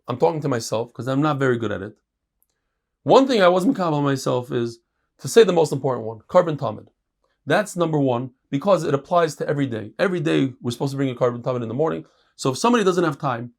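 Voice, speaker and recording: A middle-aged man gives a daily Talmud lesson in a slightly raised, gravelly voice. He moves between Hebrew readings and English commentary, rising sharply in pitch and volume to stress a point. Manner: lively, mixes Yiddish-inflected Hebrew readings with English explanation; animated, jumps in pitch and volume for emphasis. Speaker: rabbi teaching a daily Talmud class.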